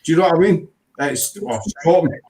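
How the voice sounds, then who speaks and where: Chatty man, slightly high voice. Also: lively intonation, fairly quick, dark tone, rough recording. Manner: rambling storyteller, says "you know" a lot. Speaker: podcast host. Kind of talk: casual chat.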